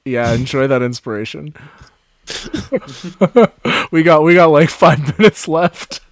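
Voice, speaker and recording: A man's voice: fairly high pitch, slow, dry recording, highs cut off. Laid-back man narrating as dungeon master. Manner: laughs often, loose narration with fillers. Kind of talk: narrating a tabletop game.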